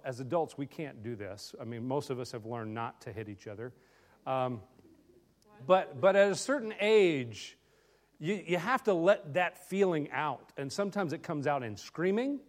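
A middle-aged man speaks to a gathered congregation as a visiting speaker, telling a personal family story. His delivery is loose and conversational, sprinkled with ums and restarts. He turns often to the audience with direct questions and pokes gentle fun at himself. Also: a little high. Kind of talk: storytelling talk to a live audience.

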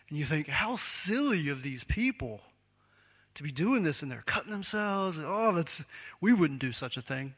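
Gravelly conversational male preacher. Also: fairly high pitch, expressive, moderate pace, fairly bright tone. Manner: conversational, self-deprecating, laughs often. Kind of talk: sermon.

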